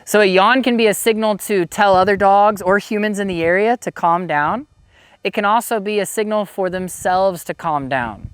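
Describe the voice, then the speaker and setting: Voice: mid-range voice, normal speed, smooth, no echo. A dog trainer giving a casual instructional talk, easygoing and explanatory, often saying "you know".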